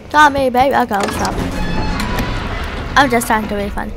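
A woman's voice: a little high, a little fast, fairly bright tone, slight background noise. A woman giving playful, jokey let's play commentary, talking to the objects in the game. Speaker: gamer.

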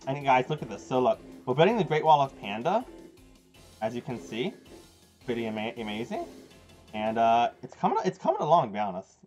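A young man chatting casually to his live-stream viewers while playing a game, rambling, excitable and quick to laugh. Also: medium pitch. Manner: rambling, excitable, laughs often, talks to chat. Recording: dull lo-fi stream audio with game music. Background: game music.

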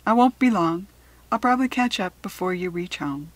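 A woman reading the lines of a middle-aged farmer father in a storybook, with a raised, hearty delivery and a breathy voice. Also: on the low side, lively intonation, normal speed, no echo.

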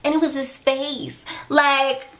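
A young adult woman recounts a story for her vlog in a chatty, animated way, addressing viewers directly. Her voice sits high and sounds bright and sharp. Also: slow pace. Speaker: vlogger. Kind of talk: casual storytime chat to camera.

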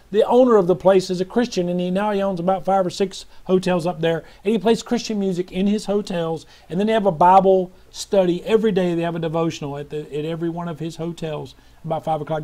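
A man's voice: sits high, fairly even intonation, quick pace, few pauses, dark tone. A middle-aged man preaching a sermon with fervent hallelujahs and praise, sometimes breaking into song.

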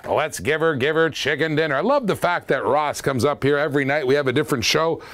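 Guy running a live online auction, kinda high voice, rattling off bids and catchphrases, chuckles a lot. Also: quick pace, a bit bright. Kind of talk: live-stream auction calling.

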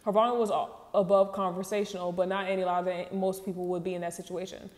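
A woman's voice: lowish voice, level tone, fast, darkish tone, big-room sound. A woman hosting a casual show, reading online posts aloud and reacting with candid, slangy asides and laughs.

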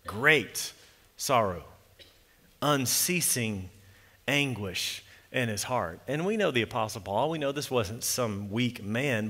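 A man preaching an earnest expository sermon as pastor, reading scripture slowly and softly. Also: mid-range voice, in a large hall. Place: church sanctuary.

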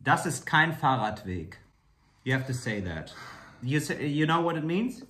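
A man with a German accent, German his first language, talks in casual comedic chat. His English comes out hesitant and halting, full of restarts. The room around him rings with a clear echo. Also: a little high, very animated, pushed and bright. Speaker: comedian guest.

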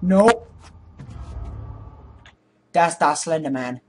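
Slight background noise sits under this man's high, unhurried voice, which swings widely in pitch. A gaming video host, he jokes sarcastically through a horror game and lets the occasional swear word slip.

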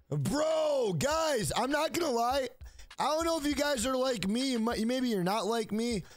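A man's voice: very high-pitched, dry recording. A man streaming a game, chatting casually and telling rambling, profane stories to his viewers. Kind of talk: casual live-stream chat.

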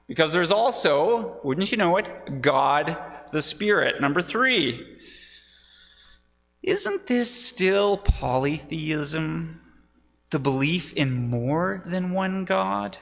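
A male pastor delivers a sermon in a deliberate, unhurried way, with a gravelly edge to his fairly high voice. He teaches as he goes and keeps putting questions to the congregation. His words ring out with the long reverb of a church sanctuary. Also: animated, fairly bright tone.

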